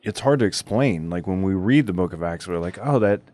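A man's voice: low voice, expressive, brisk, a little mellow. A man hosting a podcast in casual chat, telling stories loosely with many filler words. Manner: rambling, full of filler words. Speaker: podcast host.

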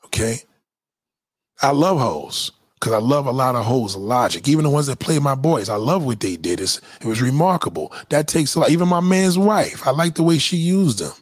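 Man, husky, blunt, crude, preachy rant, lots of swearing, dry close sound. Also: medium pitch, no echo. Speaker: commentator. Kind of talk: profane rant.

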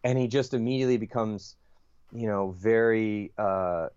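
A man's voice: on the low side, normal speed, a little mellow, smooth, no room sound, dull audio. A man, a podcast guest, telling a long story in a casual, rambling way, full of fillers, restarts and swearing.

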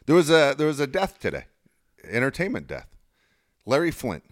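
A man's voice: mid-range voice, huge pitch swings, normal speed. A man co-hosting a casual sports talk show, laid-back, laughing often and swearing freely.

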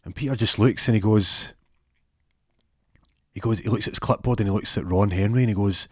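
A man casually rambling through a long story, doubling back on himself as he goes. His voice is very low and deep, and the sound is dry and close with no room around it. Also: a little fast, pauses often, a little mellow, slightly rough, dry recording. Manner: rambling, meandering.

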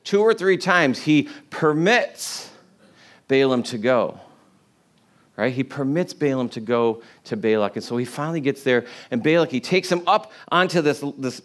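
A man preaching in a loose, chatty storytelling way, full of asides and light humor. His voice sits fairly high for a man. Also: a bit bright. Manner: conversational, humorous, filler-heavy. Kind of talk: casual sermon storytelling.

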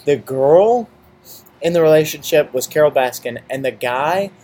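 A young man co-hosting a casual chat, telling stories in a profane, animated way and acting out quotes. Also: on the high side, moderate pace. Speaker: podcast co-host.

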